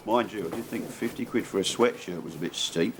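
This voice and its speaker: A man's voice: fairly low pitch, brisk, gravelly, a little hiss or hum. A man in a sitcom, chatting easily with a friend.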